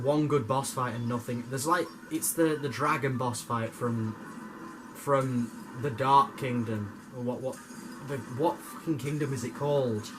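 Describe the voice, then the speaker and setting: A young man talks unhurriedly through his gameplay in a loose, jokey, meandering way, tripping over words and dropping the odd swear. His pitch sits in an ordinary middle range. Faint game music plays quietly behind him. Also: a little slow. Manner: rambling, jokey, swears, stammers. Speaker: gamer. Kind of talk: casual gameplay commentary.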